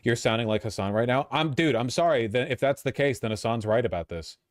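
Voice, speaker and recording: A man reacting to a news clip on a live stream, exasperated and sarcastic, swearing often. His voice sits in an ordinary middle pitch for a man. The sound is dry and close, with no room echo. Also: expressive, a little fast.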